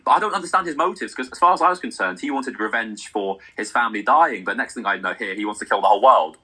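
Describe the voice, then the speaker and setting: A man's voice: on the low side, breathy edge. A young man co-hosting a film review, asking questions and teasing in a casual chat. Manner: quick, animated, asks questions, teasing.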